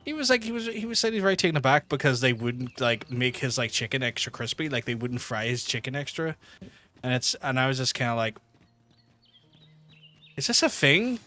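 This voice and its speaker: A man's voice: medium pitch, quick pace. A young man streaming a game, telling stories with free swearing and frequent laughs. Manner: swears freely, laughs often, animated storytelling. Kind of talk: casual livestream commentary.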